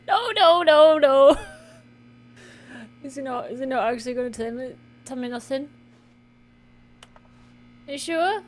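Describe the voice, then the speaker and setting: A woman's voice: high-pitched, measured pace, long pauses, soft background music. A woman giving casual, playful commentary while she plays a game, reading the screen aloud and swearing now and then. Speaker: streamer playing a game.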